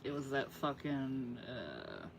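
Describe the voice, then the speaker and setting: A man co-hosting a podcast in relaxed, conversational chat. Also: mid-range voice, slow, creaky, background noise. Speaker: podcast co-host. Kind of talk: casual chat.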